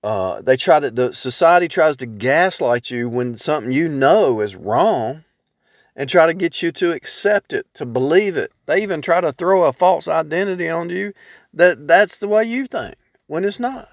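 A man's voice: a little high, lively intonation, normal speed, dry recording. Rambling man in casual monologue. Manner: rambling, with restarts and repeated phrases. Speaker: speaker sharing religious reflections.

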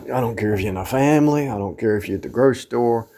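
A man's voice: mid-range voice, fast talker, mellow, slight background noise. A man giving an informal sermon, quoting scripture in old-fashioned wording and scolding his listeners, with emphatic outbursts. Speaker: preacher.

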